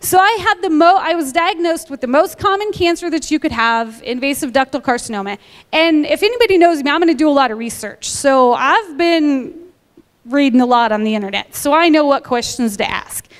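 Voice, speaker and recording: A woman in her thirties with a high, bright voice tells her personal story to a church congregation. She is a lively storyteller who acts out the dialogue, and her voice carries a long echo through a large church hall. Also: brisk. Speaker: church member giving a testimony. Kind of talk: personal testimony told to a congregation.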